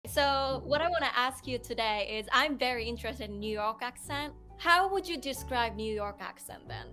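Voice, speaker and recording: A young Japanese woman hosting her channel, speaking quickly and cheerfully in a casual vlog style with a Japanese accent. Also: fairly high pitch, a bit bright. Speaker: YouTube host, graduate student.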